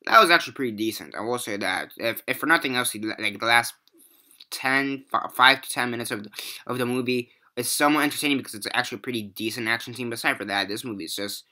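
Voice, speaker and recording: A man's voice: mid-range voice, pushed and bright. A young man casually reviewing movies in a rambling, profane, exasperated rant.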